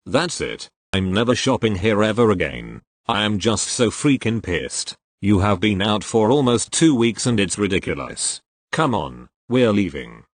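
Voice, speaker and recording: A man's voice: fairly low pitch, sing-song, unhurried, no echo. A man voicing an angry ranting woman shopper. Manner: ranting, indignant.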